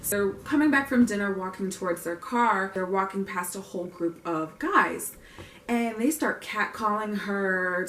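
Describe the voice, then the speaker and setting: A woman's voice: mid-range voice, a bit bright, a little hiss or hum. Young woman recapping a movie, chatty and opinionated, kinda far from the mic, echoey room. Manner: chatty, opinionated, with wry asides. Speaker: vlogger reviewing a film. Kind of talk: casual film recap and opinion. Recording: roomy, distant mic.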